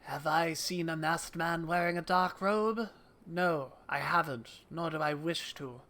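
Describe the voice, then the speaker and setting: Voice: mid-range voice, a little slow, a bit bright, lightly acted. A streamer voicing a gossipy merchant in an invented, made-up accent while reading game dialogue aloud.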